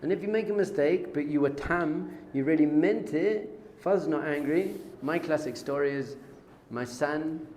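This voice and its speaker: A middle-aged man, a rabbi teaching an informal Torah class, lively and joking, acting out little dialogues. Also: on the high side, normal speed. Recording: echoey room with faint noise.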